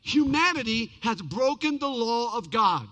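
In a church sanctuary, a man with a very high, bright voice delivers a sermon, telling his story in a very animated yet unhurried way, swinging widely between shouted peaks and hushed lows. A long reverb carries his words through the hall.

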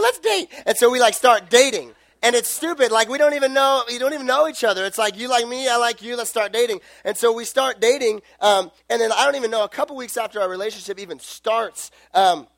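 A man's voice: high voice, vocal fry, a bit bright, dry recording. A young man preaching in a casual, rambling storytelling way, full of fillers and self-corrections.

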